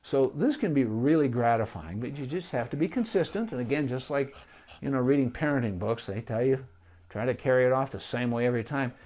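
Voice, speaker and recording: Man explaining puppy training calmly. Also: mid-range voice, brisk. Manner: conversational, explanatory, with asides and restarts. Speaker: veterinarian. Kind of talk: informal teaching on puppy training.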